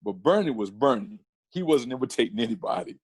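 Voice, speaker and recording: A man talking as a podcast guest in a casual interview, an animated storyteller who often restarts his sentences. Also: mid-range voice, a little fast, breathy edge, no room sound. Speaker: podcast guest, comedian and photographer.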